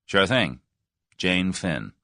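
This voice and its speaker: A man's voice: sits low, big pitch swings, extremely slow, creaky, dry recording, clean studio sound, full character voice. A man voicing a blunt, pugnacious American man in his thirties, with an American accent, in an audiobook. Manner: blunt, forceful, folksy.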